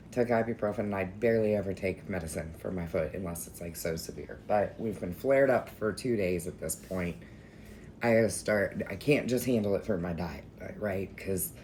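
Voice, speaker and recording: With a rumbling low, somewhat mellow voice, a young woman vents in a casual vlog, telling a candid, emotional story that includes some swearing. Slight background noise can be heard.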